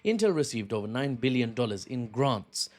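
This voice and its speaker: A man's voice: medium pitch, big pitch swings, moderate pace. A man giving a casual, rambling news commentary, cracking jokes and laughing at his own asides.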